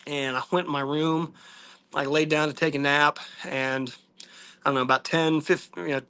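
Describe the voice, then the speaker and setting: Bright-voiced man telling a personal story. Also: fairly high pitch, level tone, normal speed, clear, resonant tone. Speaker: vlogger.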